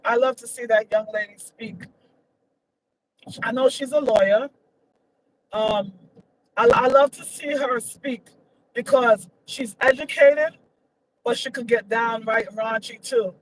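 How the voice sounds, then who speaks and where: A woman's voice: on the high side, a little slow, long pauses, slight background noise, rough recording. A woman giving her opinions in a casual vlog, emphatic and repetitive, her voice leaping up when she gets indignant. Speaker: vlogger.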